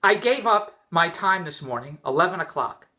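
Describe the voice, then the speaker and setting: Indoors after coming in from the rain, a middle-aged man rants in a vlog, his exasperated, rambling story full of restarts. The voice is a little high with lively intonation, at a moderate pace, and bright and forceful.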